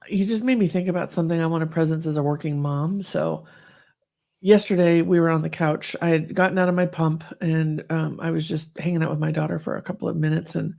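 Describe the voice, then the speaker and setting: A middle-aged woman co-hosting a podcast in easy, casual conversation. Her voice sits a little low and carries a gravelly fry. She tells stories with animation and acts out the voices of the people in them. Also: warm tone. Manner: chatty storyteller, acts out quotes. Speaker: podcast co-host. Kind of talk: casual chat.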